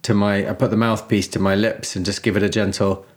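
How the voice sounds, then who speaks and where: Slow, reflective male player. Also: fairly low pitch, flat delivery. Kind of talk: in-character role-play narration.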